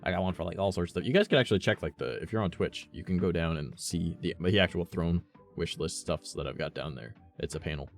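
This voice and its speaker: Low-voiced rambling male streamer. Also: fast, vocal fry, soft background music. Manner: rambling, swears often, heavy use of "like". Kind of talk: casual chat with a live stream audience.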